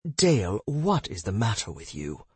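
A man's voice: lowish voice, wildly swooping pitch, moderate pace, a little mellow, breathy edge, dry recording, heavily acted. A man voicing a blunt guild fighter who talks sternly and lectures. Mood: lecturing.

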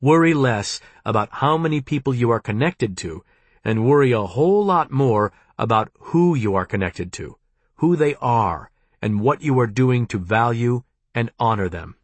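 A male narrator reads a nonfiction audiobook in a measured, deliberate way. His voice sits at an ordinary middle pitch. The recording is dry and close, with no room sound. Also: no echo.

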